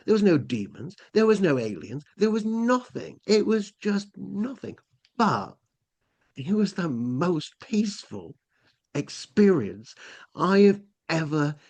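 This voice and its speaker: A middle-aged Englishman from England, guesting on a podcast, tells a long personal story in a casual way, rambling with many restarts and fillers. His voice sits a little high with a darkish tone.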